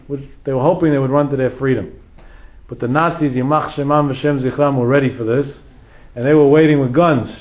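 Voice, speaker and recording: A man's voice: a little high, a little mellow, low-quality recording. Dramatic storytelling rabbi, man. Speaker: rabbi lecturer. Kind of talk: storytelling sermon.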